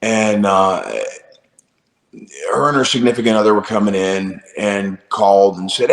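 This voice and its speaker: A man with a low voice tells a relaxed, wry anecdote as a guest musician. He recorded in a room with a noticeable echo. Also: moderate pace. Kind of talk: casual anecdote in an interview.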